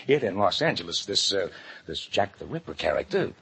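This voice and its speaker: An actor playing a fast-talking, pushy insurance salesman who stammers when caught out, in 1940s radio acting. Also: low voice, sing-song, gravelly, noisy background, full character voice. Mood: wheedling.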